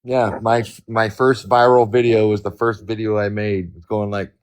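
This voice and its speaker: A man's voice: on the low side, normal speed, clean tone. A middle-aged man hosting a live stream, telling stories in casual chat and acting out both sides of arguments. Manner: animated storyteller acting out arguments. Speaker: livestream host.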